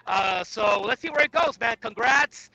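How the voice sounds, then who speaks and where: A man calling in to a podcast, hyped and swearing, whooping shoutouts over a poor call connection. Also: very high-pitched, expressive, moderate pace, creaky. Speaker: caller. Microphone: phone or video call. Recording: bad call-in line.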